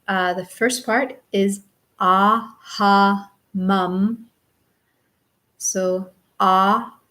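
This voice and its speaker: Patiently stretching out each syllable so students can repeat after her, a woman walks through a chant's pronunciation step by step. Her voice is mid-range with a fairly bright tone.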